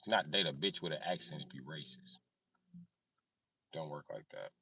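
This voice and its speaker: A man in his thirties chats on a live stream in a low voice with a sharp, bright edge. His pitch jumps around a lot as he rambles, cusses and answers the chat. The sound is dry and picked up from a little way off the mic. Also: very animated, moderate pace, vocal fry, breathy edge, no echo, far from the mic. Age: 30s. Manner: profane, rambling, talks back to chat. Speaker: livestream host.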